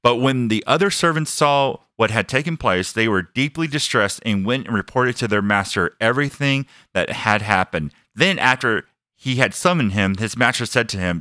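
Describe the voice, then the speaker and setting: A man's voice: medium pitch, animated, normal speed, few pauses, bright, forceful tone, no echo, studio quality. A man preaching a sermon, emphatic and earnest, stacking phrases as he builds each point and sharing his own story. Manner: emphatic, building lists with rising intensity; earnest personal testimony.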